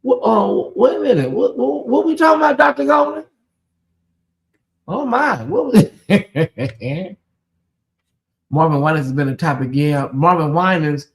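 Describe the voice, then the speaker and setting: A high-voiced man runs a late-night gossip livestream in a loose, chatty way. He talks straight to his viewers and breaks off into animated asides, with a lilt. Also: unhurried, vocal fry, long pauses. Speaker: livestream host.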